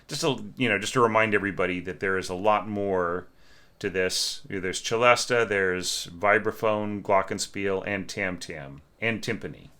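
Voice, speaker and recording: A man's voice: low-pitched, pushed and bright. A man teaching orchestration, talking casually through a student's score and humming parts with da-da syllables. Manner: thinks aloud, sings lines with da-da.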